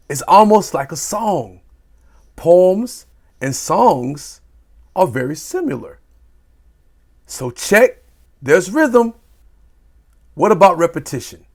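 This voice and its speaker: A man teaching a children's poetry lesson, reading aloud in an animated, playful way with sound effects. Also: high voice, slow pace, long pauses.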